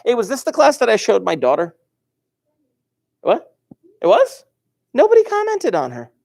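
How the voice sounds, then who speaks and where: A man's voice: very high voice, wildly swooping pitch, normal speed, vocal fry, a little mellow. A man teaching an algebra class over a livestream from his classroom desk, joking and teasing his students and chuckling often. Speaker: high school algebra teacher.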